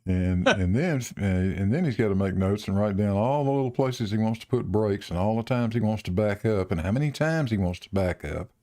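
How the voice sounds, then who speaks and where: A man with a Southern drawl hosts a casual stream chat. His voice sits low and mellow, and he jokes loosely and restarts his sentences. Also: lively intonation, a little fast, hardly any pauses. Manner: joking, with fillers and restarts. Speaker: host of a live stream.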